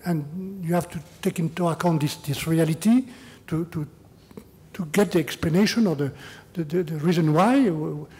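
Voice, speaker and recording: A man's voice: on the high side, normal speed, darkish tone. An older man with a French accent, speaking English as a second language while answering audience questions in a lecture hall, repeating words and adding "huh?" to his points. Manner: non-native phrasing, repeats words, tags "huh?". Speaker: EU chief negotiator giving a lecture.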